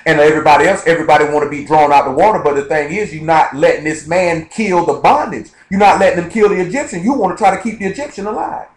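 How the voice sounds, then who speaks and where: Fast-talking man preaching in an echoey room. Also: fairly high pitch. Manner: rapid, conversational, quotes scripture and checks in with listeners. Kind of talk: informal Bible study sermon. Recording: echoey live-streamed room.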